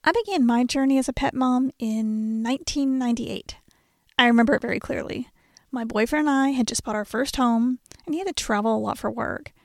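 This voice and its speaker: A woman narrates as host of the show, reflective and unhurried in her storytelling. Her voice sits a little high with a gravelly fry, recorded dry and close. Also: dry recording. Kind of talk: scripted narration.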